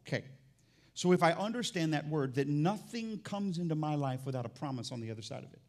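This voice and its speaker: A man preaching a sermon as pastor in a church, animated and jokey, swinging from loud excitement to quiet emphasis. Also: on the high side, brisk. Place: church sanctuary.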